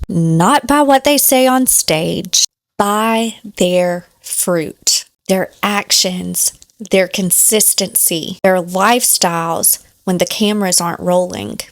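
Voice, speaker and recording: A woman's voice: mid-range voice, dry recording, studio quality. A woman host giving earnest, reflective commentary on faith and fame. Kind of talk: commentary narration.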